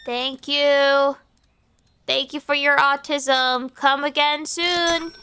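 A woman's voice: high voice, flat delivery, takes it slowly, sharp tone. A young woman streaming a game, chatting playfully and crudely as she greets and teases the customers. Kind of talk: live game-stream commentary.

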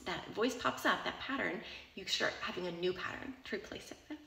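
A woman's voice: medium pitch, brisk, creaky, bright, forceful tone, echoey room, a little hiss or hum. A woman speaking in a casual, reassuring advice talk, often checking in with the listener by asking "right?" or "okay?". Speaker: self-help author answering a listener question.

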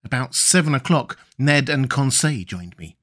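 Measured and steady, a man with a medium-pitched voice narrates a classic adventure novel for an audiobook. It is read from a script.

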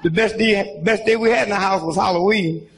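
Speaking a little fast with vocal fry, this man's voice sits high. He's a comedian in his seventies spinning rambling, folksy stories for a live audience, punctuated by "huh?" and "you know what I'm saying?". The recording is low quality, with slight background noise.

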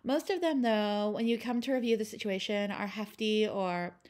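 A woman's voice: medium pitch, normal speed, darkish tone, natural voice. A woman putting on a mocking valley girl. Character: ditzy valley girl reading a pompous man's words.

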